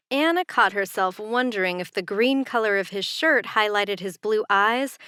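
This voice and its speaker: A woman author reading her own romance novel in a measured, even storytelling voice. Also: medium pitch, clean tone, no echo, clean studio sound. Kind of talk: scripted audiobook narration.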